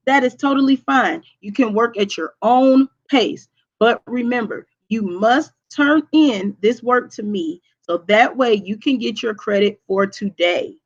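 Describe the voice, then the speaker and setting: A woman teacher giving a recorded online lesson. She has a projecting voice and speaks deliberately, checking in with "okay?" after each point. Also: fairly high pitch, lo-fi sound. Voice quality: voice projects strongly.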